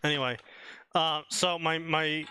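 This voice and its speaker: A man's voice: a little high, fairly even intonation, unhurried, pushed and bright, clear, resonant tone, dry recording. A young man from New Jersey with a Jersey accent, telling stories in casual stream banter, swearing freely and laughing often. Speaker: co-host.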